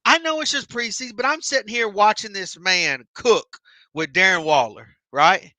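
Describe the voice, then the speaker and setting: This high-pitched man, speaking at a moderate pace with no room sound, co-hosts a casual podcast. In heated conversation he delivers an animated, emotional rant packed with profanity.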